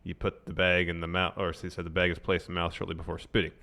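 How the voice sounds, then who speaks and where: A man's voice: low-pitched, completely flat delivery, very fast, creaky, bright, forceful tone. A man co-hosting a casual podcast, reading points from an article with dry asides. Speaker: podcast co-host. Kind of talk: casual chat.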